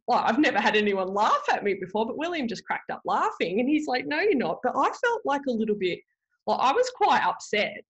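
A woman's voice: fairly high pitch, fairly bright tone. A woman, hosting a podcast and telling a personal story in a chatty, rambling way full of ums and self-corrections. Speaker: podcast host. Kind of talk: casual storytelling monologue.

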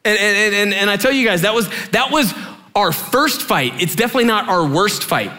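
Bright-voiced, animated male preacher. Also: high voice, brisk, soft background music. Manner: animated storyteller, laughs often. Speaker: youth pastor. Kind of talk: sermon with a personal story.

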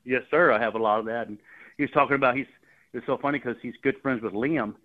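Fast-talking man on a phone line. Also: medium pitch. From Texas Gulf Coast. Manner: rambling, repeats words, chuckles through stories. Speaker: fishing guide and guest caller. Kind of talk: casual phone-in storytelling.

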